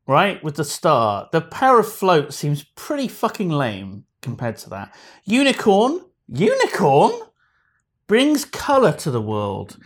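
A man co-hosting a podcast, chatting in a lively, jokey and playful way. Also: a little high. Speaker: podcast co-host. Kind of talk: casual chat.

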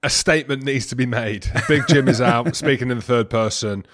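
A man's voice: medium pitch, brisk, a bit bright. A man co-hosting a podcast, telling stories in boisterous, teasing banter. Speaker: podcast co-host. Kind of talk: casual banter.

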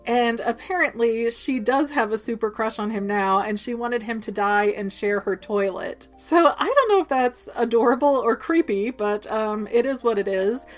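A woman's voice: fairly high pitch, lively intonation, normal speed, hardly any pauses, soft background music. A woman hosting a podcast, recapping a book in a chatty, playful way with side comments. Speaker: podcast host. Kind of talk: casual book recap chat.

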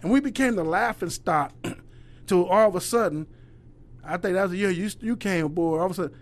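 A middle-aged youth basketball coach tells stories in casual conversation, profane and animated, doing the voices of the people he quotes. He talks briskly in a high-pitched voice.

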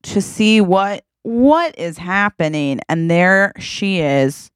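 Woman co-host, animated improv storyteller, dry close-miked sound. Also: lowish voice, slow, smooth, dry recording. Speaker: podcast co-host. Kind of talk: casual comedic improv chat.

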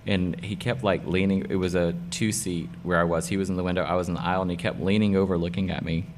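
There's a faint background hum as a middle-aged salon owner and hairdresser, interviewed casually as a guest, describes his job at a quick pace. His voice is very low, and he stresses points with excitement, repeating key phrases.

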